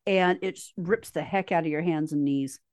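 A woman's voice: deep voice, moderate pace, a little mellow, no echo, clean studio sound. A woman casually chatting on a podcast about a movie, correcting and adding details to her co-host's retelling. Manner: chimes in to correct and add details. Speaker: podcast co-host. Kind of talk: casual film recap chat.

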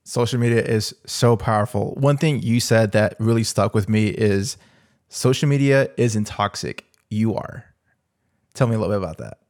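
A man hosting a podcast, asking calm, measured questions. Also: lowish voice. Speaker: podcast host. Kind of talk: interview questions.

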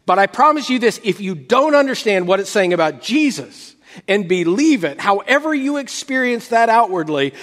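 Male pastor, sermon delivery; high, very lively pitch; storytelling with repeated starts; reverberant hall sound. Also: moderate pace. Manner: storytelling with animated quoted voices and many restarts.

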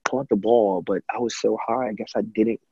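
A man's voice: lowish voice, moderate pace, husky, muffled recording. A young man in his twenties, a former college football player, casually telling a story in an interview with lots of fillers and acted-out quotes. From USA. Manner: animated storyteller, many fillers, acts out quotes.

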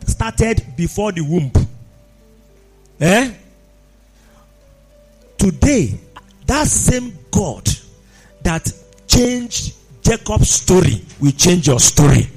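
A man's voice: high voice, a little mellow. A man preaching a sermon, impassioned and rousing his congregation.

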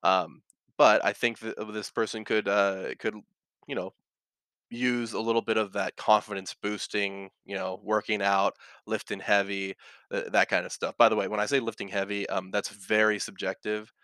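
Rambling man with a bright voice. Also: lowish voice, level tone, normal speed, smooth, no room sound, clean studio sound. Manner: rambling, many fillers and restarts, frequent "right?". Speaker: podcast host. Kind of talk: casual talk, reading and reacting to posts.

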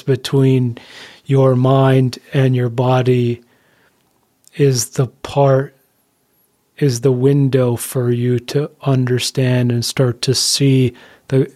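A man co-hosting a podcast, speaking slowly and deliberately about inner safety and healing, then thanking his guest and listeners. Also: medium pitch, warm tone. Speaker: podcast co-host. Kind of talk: reflective interview talk.

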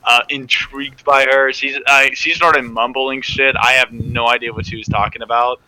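A young man co-hosting a podcast, recalling a story in halting, stop-start sentences. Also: medium pitch, steady tone, bright, forceful tone, no room sound, poor audio. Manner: halting, restarts often. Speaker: podcast co-host. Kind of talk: casual storytelling chat.

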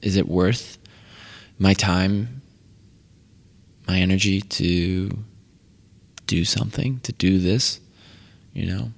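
Creaky-voiced young man chatting easily. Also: deep voice, slow, pauses often, long reverb tail. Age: 20s. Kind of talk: casual chat.

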